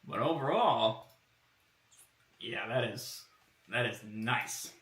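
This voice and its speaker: Bright-voiced man, roomy and off-mic. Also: mid-range voice, takes it slowly, far from the mic. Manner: relaxed, rambling, thinks aloud with fillers. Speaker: streamer showing car body kit designs. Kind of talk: casual live-stream commentary. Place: home workshop room.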